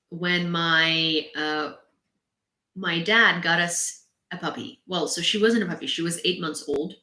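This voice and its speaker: Young woman, Ukrainian accent, bright tense voice, echoey room, casual live-stream chat. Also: on the low side. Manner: chatty, laughs often, talks to her dog. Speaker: host of a live news stream. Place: home room.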